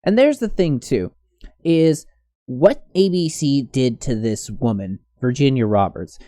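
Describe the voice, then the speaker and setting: A man's voice: mid-range voice, lively intonation, unhurried, warm tone, dry recording, clean studio sound. A man giving casual commentary on a news story, rambling with many restarts. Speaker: commentary host.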